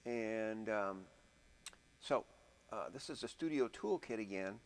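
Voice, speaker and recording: Guy with a lowish voice walking thru a beat tutorial, chatty, says the drum fills out loud. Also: animated, slow, poor audio. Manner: thinks aloud, chatty, vocalizes drum patterns. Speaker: music teacher. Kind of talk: casual step-by-step music production tutorial.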